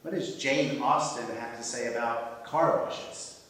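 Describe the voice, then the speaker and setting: A man's voice: mid-range voice, measured pace, a bit bright, natural voice. A man playing a wry, sighing writer. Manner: wry, sighing, self-deprecating. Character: self-doubting male writer, husband, ex-Army. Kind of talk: amateur stage comedy acting. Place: theatre stage. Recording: echoey hall, from far off.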